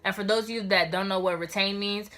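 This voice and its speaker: A young woman telling a storytime vlog in an animated, slangy way, talking straight to her viewers. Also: medium pitch, quick pace. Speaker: vlogger.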